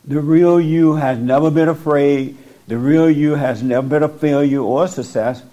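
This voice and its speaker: A man counsels a listener in a preaching manner, blunt and insistent, hammering the same points again and again. His voice sits a little higher than most men's. He talks into a microphone. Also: normal speed, warm tone, dull audio. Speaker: spiritual counselor. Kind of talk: preaching counsel to a person in front of him. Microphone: speaking into a microphone.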